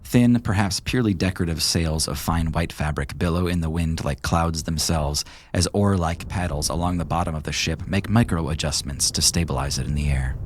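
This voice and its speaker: Deep-voiced male game master narrating. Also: normal speed, few pauses, a little hiss or hum.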